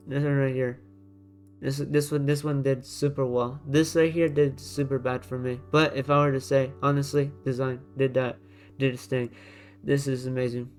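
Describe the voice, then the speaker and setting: A man giving casual commentary as he ranks designs. He talks bluntly and repeats himself, thinking aloud, and keeps his voice down so he won't overload his microphone. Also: medium pitch. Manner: blunt, repetitive, thinks aloud while dragging items. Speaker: YouTuber ranking designs. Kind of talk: casual screen-recorded commentary. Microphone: desk microphone.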